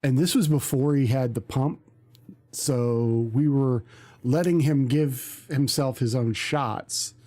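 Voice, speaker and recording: Streamer guy rambling along slowly, lots of ums, soft dark voice. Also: medium pitch. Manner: rambling, many ums and restarts. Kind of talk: casual chat.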